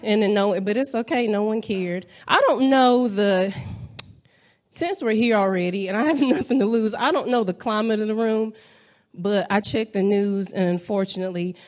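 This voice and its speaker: A woman's voice: mid-range voice, moderate pace. A young woman from North Carolina, doing a brash, playful stand-up set and talking straight to the crowd from a comedy club stage.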